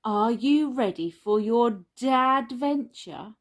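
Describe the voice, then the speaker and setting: A woman's voice: fairly high pitch, lively intonation, slow pace, pitched above the performer's own voice. A woman voicing Daddy Pig, a jolly and playful father pig, in a children's story reading. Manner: hearty and playful. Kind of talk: storybook character voice.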